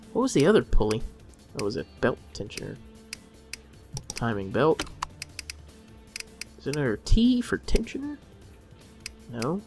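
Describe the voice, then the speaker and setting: A man's voice: medium pitch, creaky. A man who works as a car mechanic commentating on a game, muttering to himself in a wry, exasperated way. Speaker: gameplay commentator. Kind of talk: let's play commentary.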